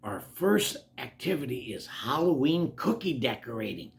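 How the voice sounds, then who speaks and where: A man's voice: medium pitch, lively intonation, moderate pace, gravelly. A man voicing a playful cartoon queen who makes grand announcements. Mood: gleeful.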